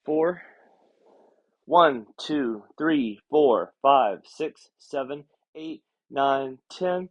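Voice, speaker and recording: A man's voice: mid-range voice, animated, extremely slow, highs cut off. Man counting exercise reps aloud. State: out of breath. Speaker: exercise instructor. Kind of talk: live-streamed seated exercise class.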